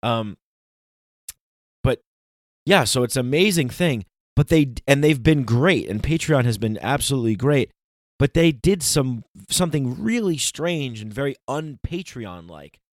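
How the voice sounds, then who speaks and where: A man hosting a podcast rants with lively energy, swinging from casual asides to heated outbursts. His voice sits at an ordinary middle pitch and comes across dry and close, with no room echo. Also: a little slow. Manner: animated, ranting, conversational. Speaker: podcast host. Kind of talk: solo podcast intro.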